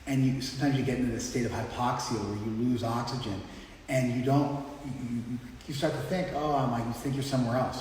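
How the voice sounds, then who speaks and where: A man's voice: mid-range voice, fairly even intonation, fairly quick, darkish tone. A man giving an informal class lecture in a conversational, explanatory way, often checking in with his listeners. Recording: echoey hall, mic far off, faint background noise.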